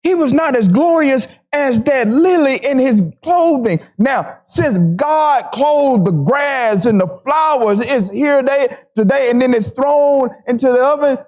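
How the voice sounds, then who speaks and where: A man preaching a sermon to his congregation, repeating phrases for emphasis and slowing down to stress scripture. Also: extremely high pitch, a little mellow.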